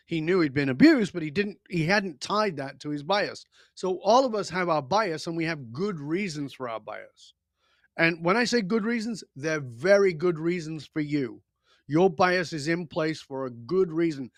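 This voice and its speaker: A man's voice: fairly high pitch, dry recording, studio quality. A man speaking as a podcast guest in a blunt, emphatic way, with casual swearing. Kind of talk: podcast interview.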